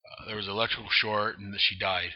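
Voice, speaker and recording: This comic book reviewer speaks fast in a lowish voice with little pitch movement, and there's no echo. He narrates the comic casually on a dull lo-fi recording, stumbling through fillers and restarts.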